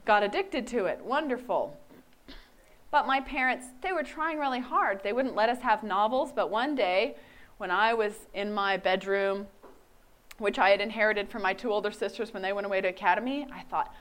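A woman's voice: mid-range voice, moderate pace, a bit bright. A woman in her forties giving a candid, self-mocking personal faith testimony. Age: 40s.

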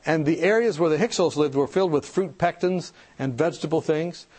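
A man giving an animated church seminar talk, telling stories, acting out the people in them and asking the audience questions. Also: on the high side, fairly quick, breathy edge. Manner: animated storytelling, acts out quoted people. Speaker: health speaker.

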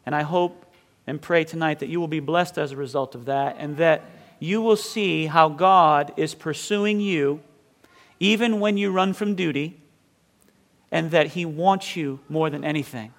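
A man's voice: on the high side, measured pace. A male pastor from southern Maine, probably in his thirties, preaching a sermon in an earnest manner that builds intensity on key points.

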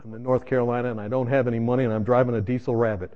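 On dull audio, a man races through his personal testimony in a sermon, his medium-pitched voice flat but very fast. He tells his story emphatically and speaks straight to his listeners.

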